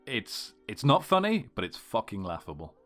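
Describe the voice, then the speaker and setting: A man from the UK co-hosting a podcast in casual chat, with a dry manner, his sentences trailing off quietly. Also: on the low side, huge pitch swings, moderate pace, soft background music. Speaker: podcast co-host.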